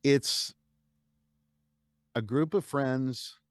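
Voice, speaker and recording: A man's voice: mid-range voice, very slow, no echo, studio quality. An American man, a guest and audiobook narrator, talking casually and with animation in an interview. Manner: animated, chatty storyteller who laughs easily.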